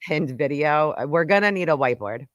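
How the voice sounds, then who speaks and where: A woman's voice: sits low, animated, a little fast, no room sound, studio quality. A woman hosting a podcast in casual chat, brash and joking, rambling with lots of fillers. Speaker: podcast host.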